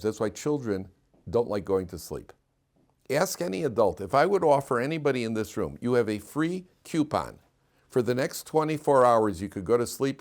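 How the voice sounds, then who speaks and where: Animated rabbi telling stories to a class. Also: male voice, on the low side. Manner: animated storyteller, laughs through anecdotes, asks the room questions. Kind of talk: storytelling Torah class. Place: classroom with listeners.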